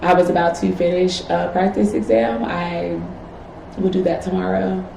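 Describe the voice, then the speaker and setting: A woman's voice: lowish voice, steady tone, moderate pace, vocal fry, mellow, a little hiss or hum. A woman in her twenties, a medical student, talking candidly and reflectively in a personal vlog, encouraging herself with casual fillers. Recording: echoey room with faint ambience.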